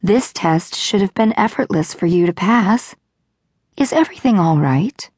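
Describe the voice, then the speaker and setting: A woman voicing a kind, graceful female robot caretaker with a gentle, measured, faintly formal manner. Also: medium pitch, expressive, breathy edge, no room sound, studio quality. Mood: gentle concern.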